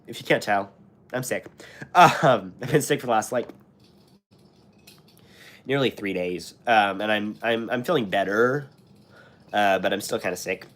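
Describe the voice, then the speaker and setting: A man's voice: lowish voice, a little slow, pauses often, a bit bright. Sick american guy, scratchy sore throat, rambly streamer talk full of you knows. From United States. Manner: rambling, many fillers and restarts. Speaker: channel host. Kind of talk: live stream chat, reading comments.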